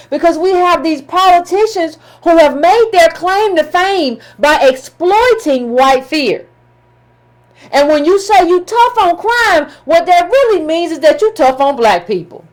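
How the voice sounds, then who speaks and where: A woman giving impassioned political commentary, emphatic and scolding, with colloquial phrasing and repetition. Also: high voice.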